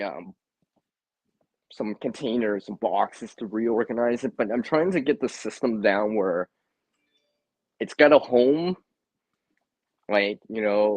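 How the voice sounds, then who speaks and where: A man's voice: medium pitch, dry recording, poor audio. A man hosting a casual live stream from home, chatty, laughing often and repeating words. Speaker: livestream host.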